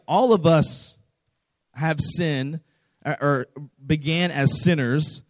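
A man's voice: fairly high pitch, dry recording. Earnest young man preaching, dry sound. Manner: earnest, repeats phrases, asks listeners direct questions. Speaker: pastor. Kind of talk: conversational sermon.

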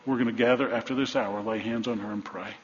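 Middle-aged male pastor, mid-pitched, emphatic storytelling sermon, muffled recording with a big hall echo. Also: fairly even intonation, quick pace, a little hiss or hum. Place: large church sanctuary. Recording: dull church recording with long reverb.

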